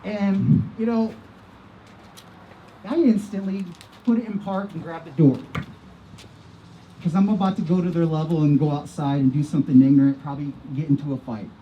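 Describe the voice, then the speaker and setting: A man's voice: a little high, normal speed, pauses often, dull audio, slight background noise. Impassioned man telling a personal story. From Iowa, USA. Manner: earnest, impassioned storytelling with repetitions. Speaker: vigil speaker. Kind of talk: personal testimony speech. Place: outdoor vigil.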